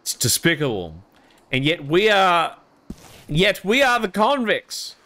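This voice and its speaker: A man's voice: high voice, very animated, takes it slowly, bright, forceful tone. Australian man chatting wryly to viewers. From Queensland, Australia. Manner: rambling, wry, self-amused. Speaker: streamer. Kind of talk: casual chat with stream viewers.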